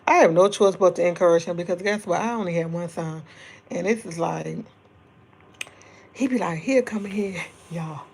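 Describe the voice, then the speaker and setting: A woman's voice: on the low side, normal speed, creaky, a little hiss or hum. A middle-aged woman, chatting casually and rambling with livestream viewers and laughing often. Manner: speaking softly at times to keep quiet. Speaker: livestream host.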